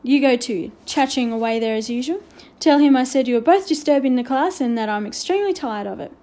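A woman's voice: sits high, fast talker, warm tone, close to an everyday voice. A woman reading aloud and voicing a strict, fed-up female teacher in a storybook. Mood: scolding. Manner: scolding, indignant.

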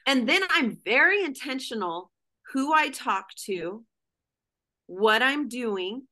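Bright, candid middle-aged woman. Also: on the high side, lively intonation, slow pace. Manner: candid, emotional, peppered with "like". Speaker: guest. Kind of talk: casual conversation.

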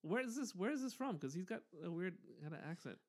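A man co-hosting a podcast in casual chat, wry and quick to laugh. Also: high voice, expressive. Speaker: podcast co-host.

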